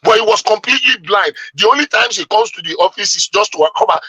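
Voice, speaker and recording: A man's voice: high voice, wildly swooping pitch, quick pace, creaky, sharp tone, husky, dry recording, rough recording. A man, arguing emphatically and at length as a panelist in a heated debate. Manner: emphatic, argumentative, long-winded.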